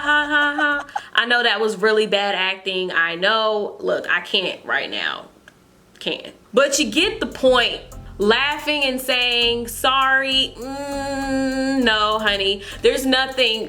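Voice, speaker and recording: A young woman vlogger with a bright, higher voice, chatting animatedly straight to her viewers. She often doubles back and repeats her words. Faint music plays softly behind her. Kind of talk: storytime vlog chat.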